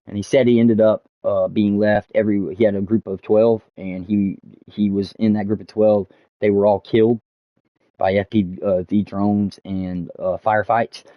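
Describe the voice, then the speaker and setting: A man with a very low voice tells a long story as he streams, stumbling through fillers and restarts and swearing freely. His mic sounds dull and lo-fi, in a dry room with no echo. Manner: rambling, many fillers and restarts, swears often. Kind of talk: casual storytelling while gaming. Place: home streaming setup.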